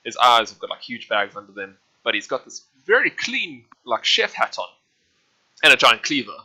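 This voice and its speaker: A man's voice: medium pitch, sing-song, moderate pace, sharp tone, poor audio. A man narrating as game master in a casual, rambling way, full of fillers.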